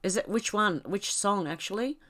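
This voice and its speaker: A woman's voice: medium pitch, normal speed, fairly bright tone. A woman with an Australian accent hosting a casual livestream, reading out viewer comments and chatting in a rambling way, her nose stuffed up from a cold. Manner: chatty, rambling, laughs often.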